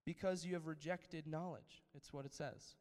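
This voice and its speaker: A man's voice: a little high, steady tone, normal speed, darkish tone, big-room sound. A man preaching a sermon, asking his listeners for amens and building to emphatic peaks. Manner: preaching with call-outs for amen, rising to emphatic peaks. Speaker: pastor.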